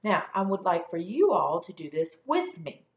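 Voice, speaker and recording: A woman teaching a phonics lesson to young children, stretching out sounds slowly and clearly for them to repeat. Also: on the low side, sing-song, reverberant. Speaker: first grade teacher.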